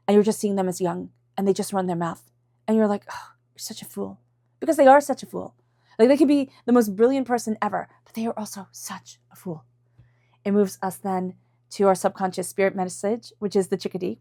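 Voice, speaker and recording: A woman's voice: mid-range voice, a little mellow, dry recording, clean studio sound. A woman giving an intuitive tarot reading in a chatty, emotional way, full of fillers and asides. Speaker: tarot reader.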